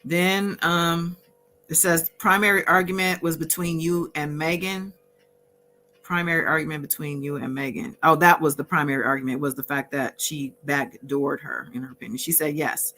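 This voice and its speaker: A woman hosting a casual recap, reading out exchanges from her notes with frequent fillers and pauses. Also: low-pitched, steady tone, pushed and bright. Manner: reads out courtroom exchanges from notes, pausing with fillers. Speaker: host recapping a court trial.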